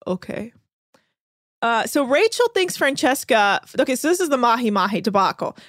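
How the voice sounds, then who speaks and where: A woman's voice: on the high side, normal speed, no room sound, clean studio sound. A woman hosting a podcast, telling stories in casual chat, swearing freely and acting out quotes. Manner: animated storytelling, swears freely, acts out quotes. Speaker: podcast host recapping a reality show.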